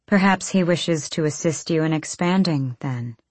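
A woman's voice: low-pitched, no echo. A woman reading the lines of a guarded, wry young woman warrior in an audiobook. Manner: wry, measured.

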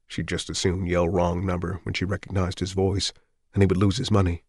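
A man narrating an audiobook in a steady, measured, scripted read. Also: low voice, no room sound, studio quality.

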